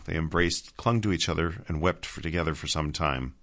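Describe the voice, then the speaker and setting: A man reading a story aloud in calm, measured narration. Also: deep voice. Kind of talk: scripted audiobook narration.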